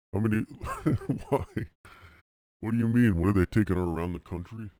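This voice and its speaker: A man's voice: lowish voice, normal speed, mellow, dry recording. A man hosting a casual solo podcast from his room, rambling and irreverent, often repeating himself. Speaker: podcast host.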